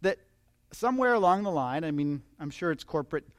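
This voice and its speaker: High-voiced chatty male preacher. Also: lively intonation, a little fast, no room sound, clean studio sound. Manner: chatty and humorous, asks the audience questions. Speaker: pastor. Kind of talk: conversational sermon.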